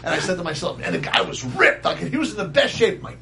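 Brief: animated male storyteller with a high voice who laughs along as he tells it. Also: fast talker, vocal fry. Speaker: guest storyteller. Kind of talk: casual storytelling.

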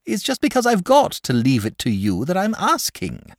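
A timid, fussy dragon, polite and easily flustered, in a storybook reading, as a man puts him on. His voice darts up high and swings widely, and the sound is dry and close. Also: wildly swooping pitch, moderate pace, no room sound. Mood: anxious, testy. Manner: nervous, genteel and easily flustered. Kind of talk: storybook reading, voicing characters.

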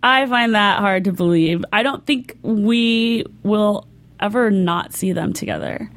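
A woman's voice: mid-range voice, measured pace, no echo. A woman co-hosting a TV aftershow, talking as an enthusiastic and giggly fan. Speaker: co-host of a TV aftershow. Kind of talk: casual gossip chat.

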